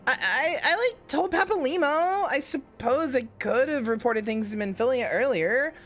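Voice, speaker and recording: A woman reading game dialogue as a chatty, bubbly young woman adventurer in a high, bouncy voice. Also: lively intonation, moderate pace, fairly bright tone, soft background music. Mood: breezy. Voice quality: high and bouncy, loose casual phrasing.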